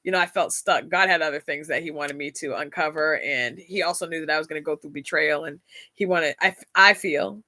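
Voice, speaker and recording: A woman's voice: low voice, a little fast, bright, forceful tone, no room sound, clean studio sound. A woman hosting a casual faith-based talk, chatty and laughing often as she speaks straight to her listeners. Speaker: podcast host.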